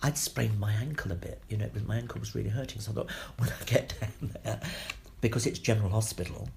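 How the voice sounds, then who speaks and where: An older man, an actor being interviewed, telling anecdotes in a lively, salty way and acting out the voices of the people in his stories. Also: on the low side, fast, creaky, slight background noise. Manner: animated, salty, acts out quoted voices. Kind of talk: anecdotal storytelling.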